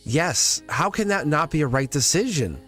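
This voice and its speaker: A man's voice: fairly high pitch, lively intonation, moderate pace, a bit bright, faint music behind. Chuckling man reading tarot live. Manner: rambling, repeats phrases, chuckles often. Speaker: tarot reader livestream host. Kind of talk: live tarot reading, casual spiritual talk.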